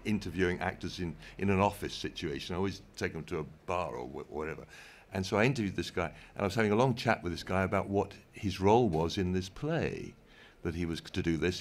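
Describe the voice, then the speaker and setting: An older man with an English accent, a former television director telling stories from his career in an interview, unhurried with dry humour. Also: deep voice, a little hiss or hum. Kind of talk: anecdotal interview talk. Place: event stage in front of an audience.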